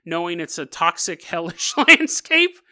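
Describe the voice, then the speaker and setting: A man's voice: high-pitched, very animated, unhurried, sharp tone. A male podcast host retelling a strange story in a comedic way, full of jokey asides and chuckles. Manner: jokey asides, laughs through the telling.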